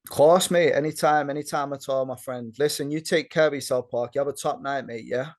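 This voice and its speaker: A man with a Manchester accent, a guest giving blunt opinions in casual chat, animated and talking in quick bursts with lots of fillers. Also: medium pitch. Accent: Mancunian. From Manchester, England.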